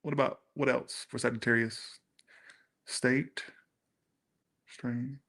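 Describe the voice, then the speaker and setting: A man's voice: medium pitch, level tone, slow, gravelly, fairly bright tone. A man doing a casual, chatty live-stream tarot reading, thanking viewers and swearing freely. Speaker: tarot reader.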